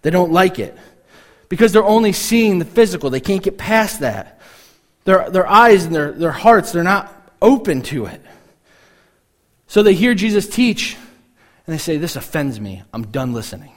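A man delivers a sermon in an easy, conversational way, his voice sitting a little higher than most men's. He often drops into brief imitations of puzzled or grumbling listeners before returning to his teaching. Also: lively intonation. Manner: conversational, acts out listeners' reactions in quick asides. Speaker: pastor.

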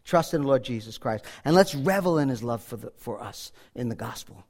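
A male pastor preaching a sermon earnestly, swinging from loud appeals to hushed, quiet lines. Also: medium pitch, animated, brisk, few pauses. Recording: long hall reverb.

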